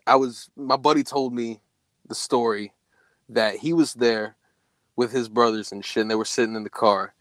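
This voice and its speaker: A young man casually telling a spooky story, swearing a lot and jumping to a high voice when he quotes himself. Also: moderate pace, dry recording. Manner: profane, animated, voice jumps high when quoting himself.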